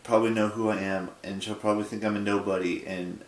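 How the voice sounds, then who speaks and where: Male vlogger, 20s, sleepy, halting and rambling, slightly low voice. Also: little pitch movement, reverberant. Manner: rambling, halting, with many restarts. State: sleepy, yawning. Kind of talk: casual late-night vlog monologue.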